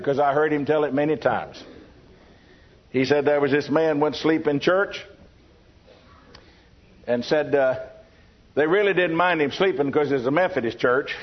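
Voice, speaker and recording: A man from Texas with a Texan accent, preaching a sermon full of folksy, humorous stories. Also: fairly high pitch. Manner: folksy, humorous anecdote-telling. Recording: dull lo-fi sermon recording.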